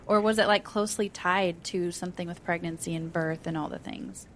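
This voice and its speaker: A woman hosting a faith podcast who talks in a quick, chatty way, full of "like" fillers and lively examples. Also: fairly low pitch, slight background noise. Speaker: podcast host, inner healing practitioner. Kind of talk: casual conversational interview.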